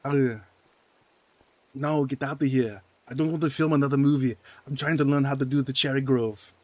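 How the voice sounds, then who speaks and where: A man doing a booming gruff action-hero strongman. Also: steady tone, normal speed, natural voice. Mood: pleading. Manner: loud, grunting, exaggerated celebrity impression.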